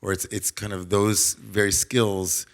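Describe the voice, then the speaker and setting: A man's voice: fairly low pitch, level tone, unhurried, creaky. An American man, a rabbi hosting a conversation, muses aloud and hedges with "like" and "you know". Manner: reflective, hedging with "like" and "you know". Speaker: rabbi and host. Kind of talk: conversational interview talk.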